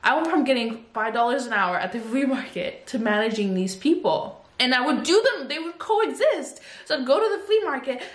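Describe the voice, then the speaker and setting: A woman's voice: sits high, lively intonation, normal speed, few pauses. Chatty woman telling a storytime, echoey room. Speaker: vlogger. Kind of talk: casual storytime. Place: home. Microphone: phone.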